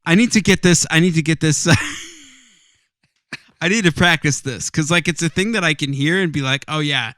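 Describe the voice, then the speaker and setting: Man from New York, bright tone, dry mic, easygoing, hesitant, interview guest. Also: on the high side, expressive, moderate pace, no echo. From Binghamton, New York. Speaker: musician guest. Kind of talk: casual interview chat.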